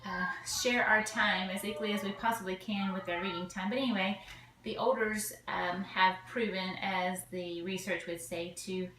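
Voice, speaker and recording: A woman's voice: mid-range voice, fairly even intonation, moderate pace, a bit bright. Southern US woman, thirties, homeschooling mom vlogging casually, folksy and chatty, roomy home sound with faint hum. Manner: chatty, folksy, frequent ums and uhs. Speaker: vlogger, homeschooling mother of five. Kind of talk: casual chat to camera. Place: home, indoors.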